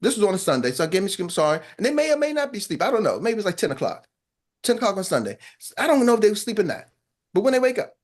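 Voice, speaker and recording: A man's voice: sits high, sing-song, very fast. A man giving a motivational talk as a business coach, blunt and colloquial, repeating phrases for emphasis.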